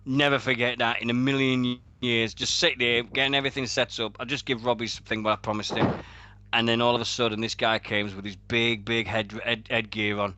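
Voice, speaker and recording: A Sheffield man hosts a casual wrestling radio show, telling animated stories full of heavy swearing and laughter in a mid-range voice at a fairly quick pace.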